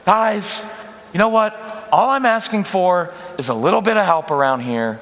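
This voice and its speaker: A worn-out mother begging her kids for help, her voice lifted high into a sing-song plea, as a man puts her on. The tone is bright and a little strained. It rings with a long church-hall reverb. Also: animated, normal speed. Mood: pleading. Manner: sing-song, pleading, raised pitch.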